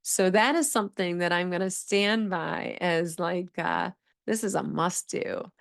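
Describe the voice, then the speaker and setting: A woman's voice: measured pace, creaky. Enthusiastic woman hosting a teaching podcast. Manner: enthusiastic, acts out children's phrases in a higher voice. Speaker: podcast host, speech-language pathologist. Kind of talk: educational podcast monologue.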